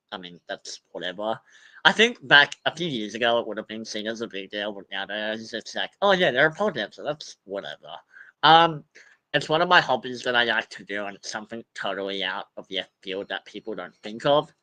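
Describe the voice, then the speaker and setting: Bright-voiced young man rambling on a livestream. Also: mid-range voice, poor audio. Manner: rambling, swears freely, lots of fillers. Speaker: streamer reading cast bios. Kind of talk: casual livestream chat.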